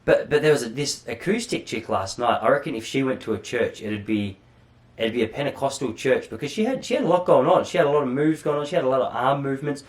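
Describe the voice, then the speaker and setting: An Australian man hosts a podcast on his own, rambling through a casual solo monologue with self-deprecating humor and offhand swearing. His mid-range voice is expressive and fast.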